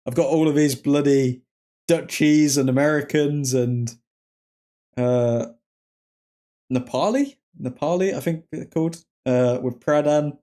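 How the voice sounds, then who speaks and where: Warm-toned and a touch slow, a young Englishman's slightly high voice carries his live football watchalong stream. Frequent laughter accompanies his jokes, and he banters casually while reading viewers' comments aloud.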